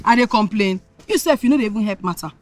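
A woman's voice: mid-range voice, animated, fast talker. A woman with a Nigerian accent, giving soothing advice in film dialogue. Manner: lecturing, soothing. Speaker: advising friend.

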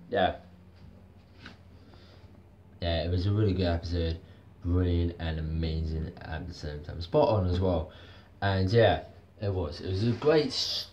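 A man talks through a casual video review at an unhurried, slow pace. His voice sits a little low, and he rambles and circles back to the same points with lots of ums and yeahs. A faint hiss of noise sits under his voice. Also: mellow, muffled recording. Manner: rambling, repetitive, lots of fillers. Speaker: TV soap reviewer.

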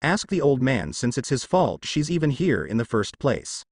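Man reading a gruff, scowling swordsman. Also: mid-range voice, very animated, moderate pace, darkish tone, no room sound, clean studio sound. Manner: grunting, curt. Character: gruff grown male swordsman, scowling and curt.

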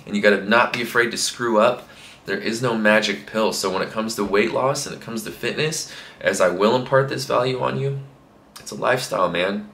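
With a lowish, slightly bright voice and a somewhat fast pace, a young fitness coach rambles casually to camera, using lots of fillers. The motivational talk is recorded in an echoey room with a little hiss or hum.

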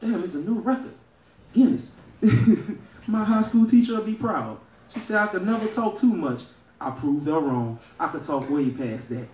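A male stand-up comedian from Louisiana with a Southern American accent, loud and crowd-working, laughing at his own jokes. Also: high voice, expressive, moderate pace, far from the mic. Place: comedy club stage. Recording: echoey club room, heard from afar.

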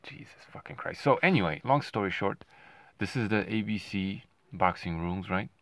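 A man's voice: sits low, moderate pace, fairly bright tone, no room sound. A man giving a sarcastic, combative commentary, constantly asking "right?" as he argues. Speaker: boxing commentator. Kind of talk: ranting commentary to camera.

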